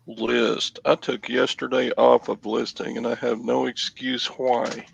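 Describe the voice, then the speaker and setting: A man's voice: medium pitch, level tone, measured pace, gravelly, slightly rough, muffled recording. A man co-hosting a casual live-stream show, trading dry, sarcastic quips. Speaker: co-host of a reseller morning show.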